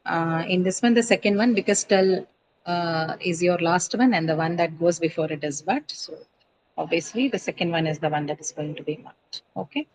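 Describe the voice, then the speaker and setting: A woman's voice: on the low side, normal speed, a little mellow, rough recording. A woman teaching an English pronunciation class online, explaining step by step with frequent "uh" and "right?" checks.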